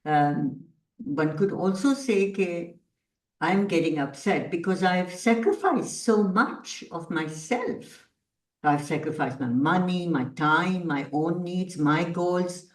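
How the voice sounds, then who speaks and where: A woman's voice: on the low side, lively intonation, slow pace. A woman leading a parenting workshop, talking reflectively and asking herself rhetorical questions. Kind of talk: online workshop talk. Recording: roomy echo, distant from the mic.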